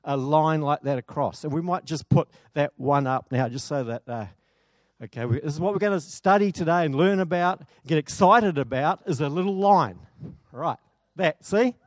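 A man's voice: a little high, moderate pace, no room sound, clean studio sound. A man preaching a sermon in a church, chatty and enthusiastic, often asking the congregation questions.

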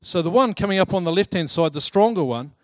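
Guy giving a talk to a room, kinda high voice, super chatty storytelling, dry close sound. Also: fast talker, no room sound. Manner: lively and chatty, acting out quotes in voices. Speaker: speaker presenting to a group. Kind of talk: storytelling talk to a live audience.

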